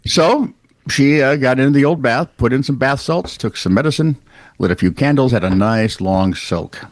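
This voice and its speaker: A man co-hosting a podcast, reading out odd news stories in a wry, animated storytelling way with casual asides. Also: mid-range voice, moderate pace, no room sound. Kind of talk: casual comedic news chat.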